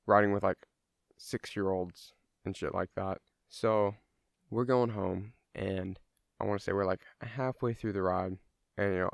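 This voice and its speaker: Young man, low voice, smooth, dry close sound, rambling casual storytelling, swears freely. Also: no room sound. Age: young adult.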